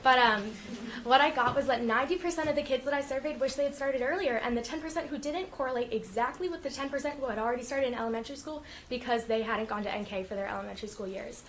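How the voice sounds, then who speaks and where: Fast-talking teenage girl, earnest. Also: high-pitched, slight background noise. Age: teens. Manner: earnest, quick, with frequent ums. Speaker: student speaker at public comment. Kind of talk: prepared public comment at a school meeting. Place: school committee meeting room.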